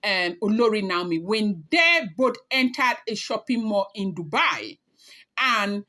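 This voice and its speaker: A woman's voice: mid-range voice, lively intonation, measured pace, pushed and bright. A woman talking casually as a celebrity gossip blogger, chatty and emphatic, speaking straight to her viewers.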